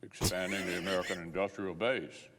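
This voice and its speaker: Deep, deliberate male senator speech. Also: level tone, over a noisy crowd. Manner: slow, deliberate, emphatic repetition. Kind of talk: formal floor speech. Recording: archival clip in reverberant chamber.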